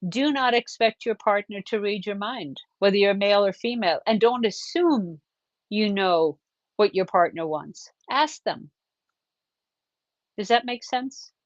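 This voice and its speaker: A woman's voice: medium pitch, animated, measured pace, dry recording, lo-fi sound. Earnest woman giving advice on a call. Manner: chatty, earnest, gives direct advice. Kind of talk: casual advice chat.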